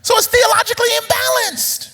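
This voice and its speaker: A male preacher delivering a blunt, teasing sermon that swings from low muttering to high outbursts. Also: little pitch movement, brisk, sharp tone, big-room sound.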